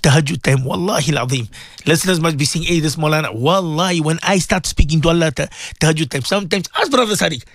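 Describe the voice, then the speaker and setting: High-voiced man pleading in fervent prayer. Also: fast, no echo, clean studio sound. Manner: emotional, pleading, rising to shouts. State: tearful at times. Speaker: radio presenter and maulana. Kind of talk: fervent live radio supplication and talk.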